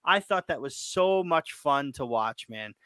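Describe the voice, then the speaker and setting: A man hosting a casual sports chat, excitable and emotional, often repeating his words. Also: medium pitch, a little slow, crowd noise. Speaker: podcast host.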